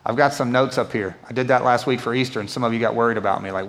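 A man preaching as a pastor, telling a Bible story in a conversational, animated way. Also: medium pitch, quick pace, slight background noise. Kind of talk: sermon. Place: church auditorium. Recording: echoey hall reverb.

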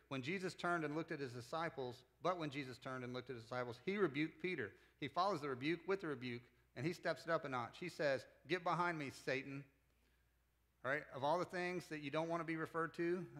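A man's voice: a little high, fairly bright tone. A man preaching a sermon in a conversational way, retelling a Bible passage and acting out the disciples in casual speech. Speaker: pastor.

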